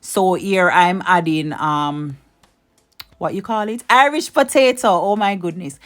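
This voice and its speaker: A woman's voice: on the low side, unhurried. A woman hosting a cooking video, chatting with viewers and giving step-by-step tips. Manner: chatty, addresses viewers directly, repeats advice. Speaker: cooking channel host. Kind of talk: casual cooking tutorial.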